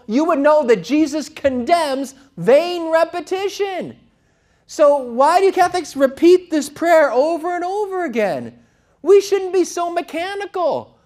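An indignant, preachy man scolds in a high, loud, mocking voice, as a speaker puts him on. The tone is exaggerated and lecturing, like a mocking impression of a critic.

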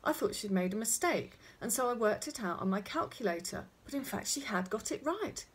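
A fussy middle-aged father, flustered and fed up, exclaiming as he complains, as a woman puts him on for a storybook reading. The voice is a bit husky, with a lot of rise and fall. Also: fairly high pitch, lively intonation, fairly quick. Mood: exasperated. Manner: exclamatory, exasperated.

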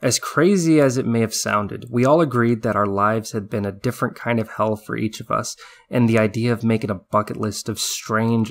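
A man narrating a short story in the first person in a measured, subdued way. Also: lowish voice. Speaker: audiobook narrator.

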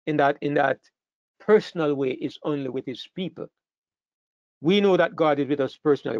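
A man delivers a sermon in a fairly high voice, pushing his pitch and volume up hard whenever he drives a point home and stumbling through restarts along the way. The recording is dry and close, with a dull, muffled tone. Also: gravelly, darkish tone, no echo. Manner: emphatic, rising sharply in pitch and volume on key phrases, with frequent restarts. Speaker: preacher.

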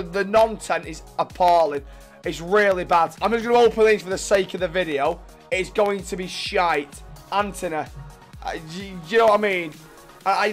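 A young man with a high voice narrates his football matches as he plays, swearing freely and yelling at his opponents. His commentary swings into frustrated rants, with faint music under his talk. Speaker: gaming YouTuber. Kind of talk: live gameplay commentary.

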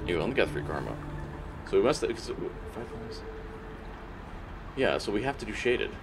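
A low-pitched man streaming a game live at his desk mic. His voice leaps all over the place, from muttered asides to high yelps when the game turns on him. He talks to the creatures on screen and curses freely, then settles back into easy chat with viewers. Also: very animated, normal speed, music in the background. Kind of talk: live gameplay commentary.

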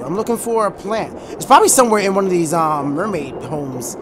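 A man giving excitable let's play commentary on a video game, chatty and prone to shouting when thrilled. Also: sits high, brisk. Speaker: gaming YouTuber. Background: faint game music.

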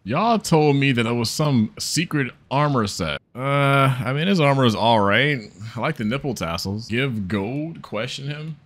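A man riffs over his gameplay in casual, profane commentary. He jokes, laughs often and talks right to his audience. His voice swings widely in pitch. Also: expressive, measured pace, hardly any pauses, a bit bright, no room sound. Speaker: gaming video creator.

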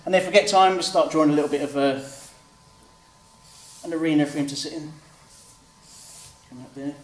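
A fairly high-pitched man, an author and illustrator, speaks fairly quickly while chatting through a step-by-step drawing demonstration. He acts out the kids' answers as he goes. The sound is roomy and distant, with a little background noise.

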